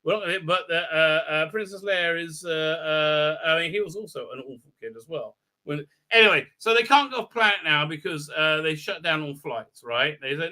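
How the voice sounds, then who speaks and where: Bright-voiced rambling male streamer. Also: high voice, expressive, a little fast. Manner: rambling, crude, full of fillers and restarts. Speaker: live show host. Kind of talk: casual live stream recap.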